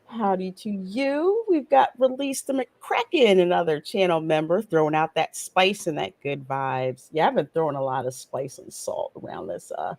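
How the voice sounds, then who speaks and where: A woman's voice: fairly low pitch, lively intonation, normal speed, vocal fry, few pauses, a little mellow. A woman hosting a casual live stream, reading out viewer chat messages and greeting people by name.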